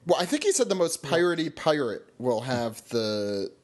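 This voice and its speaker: A man's voice: a little high, big pitch swings, normal speed. A man hosting a podcast in casual chat, talking loosely with many filler words. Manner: loose, lots of uh fillers, wraps segments up. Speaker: podcast host.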